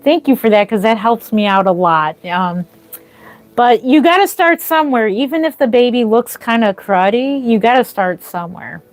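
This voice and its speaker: A woman's voice: a little high, moderate pace, faint music behind. A woman hosting a casual livestream, chatting with viewers and gushing thanks for their gifts. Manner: gushing, easily moved, thanks viewers often. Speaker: livestream host, reborn doll artist.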